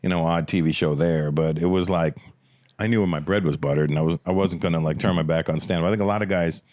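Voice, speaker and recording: A man's voice: low-pitched, steady tone, quick pace, a little mellow. A man hosting a podcast, telling comic stories in a loose, profane, casual way. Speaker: podcast host. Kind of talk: casual chat, comic storytelling.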